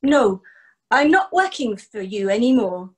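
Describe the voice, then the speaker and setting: Woman doing young farmhand, eager, high excited questions, husky edge, storybook tale. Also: unhurried, exaggerated voice. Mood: defiant. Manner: excited, wide-eyed questioning.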